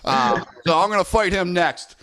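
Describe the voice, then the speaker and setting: A man's voice: high voice, animated, normal speed, pushed and bright. A man doing a playful impression of a boastful young male celebrity boxer with a swaggering manner. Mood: cocky.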